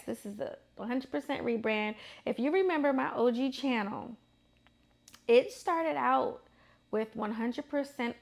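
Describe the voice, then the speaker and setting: A woman's voice: sits high, creaky. A woman in her thirties hosting her own vlog, talking through her opinions in a chatty, emphatic way and repeating phrases for effect. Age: 30s. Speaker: vlog host. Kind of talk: casual opinionated monologue.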